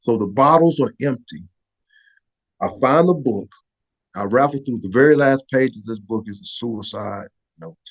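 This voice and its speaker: A man's voice: mid-range voice, normal speed. A middle-aged man, a former Air Force photographer, telling a personal story as a podcast guest, conversational and often asking "right?". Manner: conversational, repeats "right?" and restarts words. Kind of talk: emotional storytelling in an interview.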